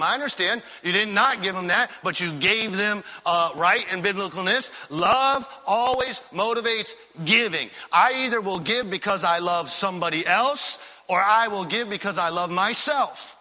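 A man preaching a sermon as pastor of a church, talking with animated enthusiasm and firing off repeated rhetorical questions. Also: high-pitched, moderate pace, few pauses, long reverb tail, rough recording. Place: church sanctuary.

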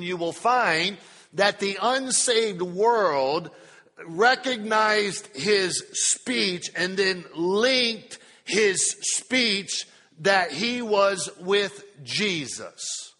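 A man preaching a sermon at a church Bible study, stretching key words slowly for emphasis. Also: high voice, expressive, sharp tone. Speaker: pastor. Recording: long hall reverb.

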